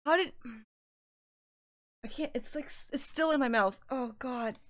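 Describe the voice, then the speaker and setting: Excitable swearing woman streamer, slightly high. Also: unhurried, no echo, clean studio sound. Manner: excitable, swears freely, laughs often. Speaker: game streamer. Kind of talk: casual live-stream commentary.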